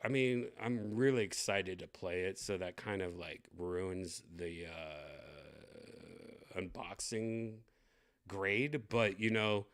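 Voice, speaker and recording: A man's voice: sits low, steady tone, slow. A young man giving blunt, profane unboxing commentary, ranting with lots of fillers. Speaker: tech vlogger unboxing a VR headset.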